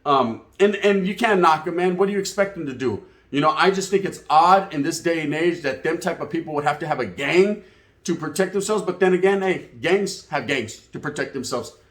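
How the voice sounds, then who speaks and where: A man's voice: a little high, lively intonation, a little fast, a bit bright, roomy sound. A man telling a casual story to his channel's viewers in profane, slangy street talk. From California. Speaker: YouTube channel host.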